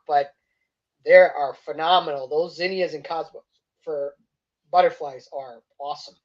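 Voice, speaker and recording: A man's voice: a little high, moderate pace. Enthusiastic man on a muffled call. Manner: enthusiastic, explanatory, trailing off softly. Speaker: seed company guest expert. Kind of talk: casual livestream interview answers.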